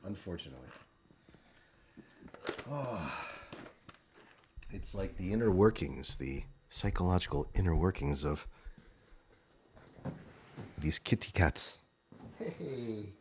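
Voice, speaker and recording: A man's voice: low-pitched, animated, takes it slowly, pauses often, a little mellow, a little hiss or hum. A man at home feeding treats to his cats, chuckling often and talking to them in an affectionate, cooing baby-talk way. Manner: chuckles often between lines. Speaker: vlogger. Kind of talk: casual talk while feeding pets. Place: home indoors.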